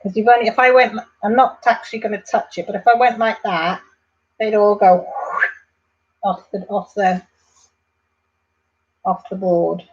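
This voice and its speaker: A woman's voice: mid-range voice, fairly even intonation, a little slow, long pauses, lo-fi sound. Chatty woman on a livestream. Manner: chatty, reads out viewer comments. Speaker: craft livestream host. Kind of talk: casual live chat while crafting.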